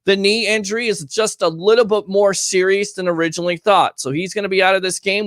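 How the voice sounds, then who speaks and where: A man's voice: high voice, a bit bright, dry recording, studio quality. A man hosting a live call-in sports show, talking emphatically and reading fan comments aloud. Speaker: sports talk show host.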